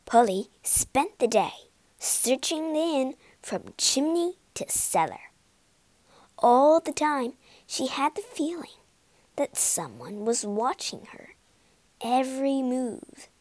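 A woman reads a children's ghost story with a wide, sing-song swing in her voice. She takes her time over each line and turns some of them into a hushed whisper. The sound is close and dry. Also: high voice, slow, no echo. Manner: lively, expressive reading, whispering some lines.

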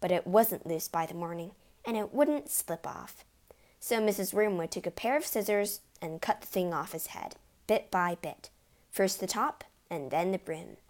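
A woman narrating a storybook reading in an expressive, lively way. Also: lowish voice, moderate pace.

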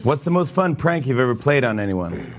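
A man's voice: mid-range voice, very animated, brisk, crowd noise. A man hosting a casual interview, joking and teasing his guest and laughing often. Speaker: talk show host. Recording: noisy background.

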